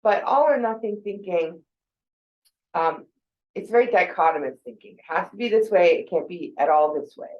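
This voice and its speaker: A woman's voice: on the low side, lively intonation, moderate pace, dull audio. A woman in her forties giving a casual, conversational talk about thinking habits, with fillers and quoted asides. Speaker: speaker on mental health.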